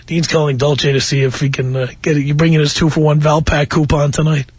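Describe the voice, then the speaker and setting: A man's voice: fairly high pitch, little pitch movement, fairly quick, slightly rough, no echo. A man hosting a radio talk show from a studio, chatting casually and laughing often. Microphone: studio microphone.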